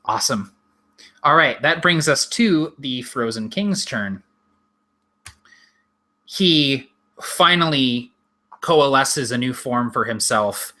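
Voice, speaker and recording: A man running a tabletop game as game master, narrating in an unhurried, descriptive way with frequent ums. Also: medium pitch, expressive, sharp tone.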